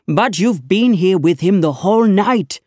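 A furious, impatient police inspector, as a reader puts him on who barks his words high and loud, swinging wildly in pitch. He sounds scornful and short-tempered in a dry, close storybook reading. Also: expressive, unhurried, dry recording. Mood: shouting. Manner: shouting, scornful.

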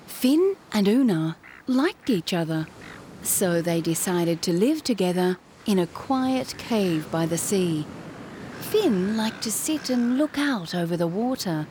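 A woman narrating a children's read-along storybook, with clear, expressive delivery. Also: medium pitch, slight background noise. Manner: slow and clearly paced, expressive.

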